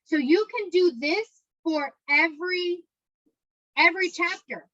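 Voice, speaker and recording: An American woman instructor teaching an exam prep class, talking fast and drilling key points by repeating them. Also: very high-pitched, dull audio. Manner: fast, energetic, repetitive drilling with memory tricks.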